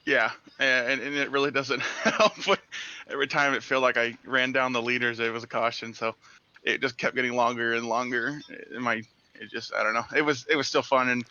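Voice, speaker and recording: Excited driver guy, bright crisp voice, dull dry voice-chat sound. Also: mid-range voice, fairly quick. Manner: eager, rambling, laughs easily. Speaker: race driver being interviewed. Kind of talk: casual interview.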